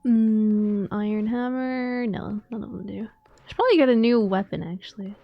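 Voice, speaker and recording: A woman's voice: medium pitch, normal speed, no room sound, lo-fi sound, faint music behind. A woman streaming a game, chatting playfully and rambling as she plays. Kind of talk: casual gameplay chat.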